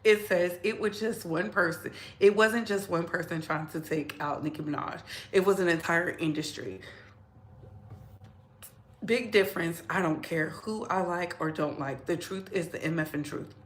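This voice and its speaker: A woman's voice: lowish voice, normal speed. A woman hosting a casual gossip commentary channel, chatting and reading posts aloud to her viewers. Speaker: host. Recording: echoey room, faint noise.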